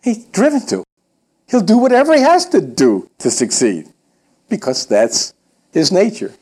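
A man delivers a motivational sales training talk, folksy and emphatic, speaking straight to his listeners. His voice is mellow and husky. His pitch rises and falls in wide, animated sweeps. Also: unhurried.

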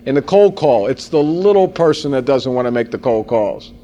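A man in his forties giving a sales training seminar to a live audience, animated and folksy, often turning to ask the room questions. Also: mid-range voice, normal speed.

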